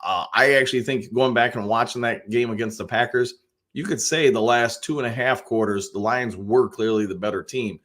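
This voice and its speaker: Speaking at a moderate pace in a mid-range, fairly bright voice, this live football talk show host from the Detroit area reads viewer comments and rambles through his opinions. He's chatty and upbeat, often restarts and uses fillers, and greets viewers by name.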